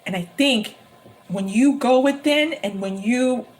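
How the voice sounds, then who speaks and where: A woman giving a live-streamed tarot reading, talking emphatically and repeating her phrases with excitement. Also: on the high side, measured pace, a little hiss or hum. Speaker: tarot reader.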